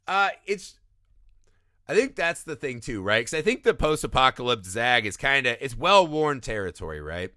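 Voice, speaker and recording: A man co-hosting a film podcast, talking in a casual, animated way and laughing as he acts out lines from the movie. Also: mid-range voice, moderate pace, dry recording, clean studio sound. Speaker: podcast co-host.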